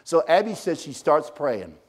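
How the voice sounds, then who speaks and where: Male preacher, husky voice, storytelling sermon, big swings between loud and hushed. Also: fairly high pitch, moderate pace. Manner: animated, swings from loud bursts to hushed tones.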